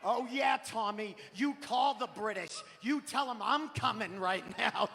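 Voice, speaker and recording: A man on stage voicing a loud, bawdy wife, crude and brash, heard in a live theater with a long reverb. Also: sits high, measured pace, creaky, a little hiss or hum, heavily acted. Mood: lusty. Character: lusty, loud Boston wife, woman.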